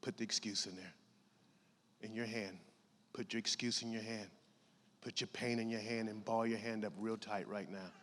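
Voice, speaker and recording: A man's voice: on the low side, steady tone, moderate pace, a bit bright. A man giving a motivational keynote, rallying the audience and leading them in call-and-response. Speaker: keynote speaker. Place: large conference hall. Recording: hall reverb, audience noise.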